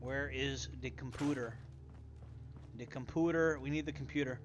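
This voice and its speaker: A man's voice: medium pitch, fairly even intonation, normal speed, muffled recording, over music. A young man streaming a game, rambling and swearing casually as he plays. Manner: rambling, profane, muttering to himself. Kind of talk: casual gameplay commentary.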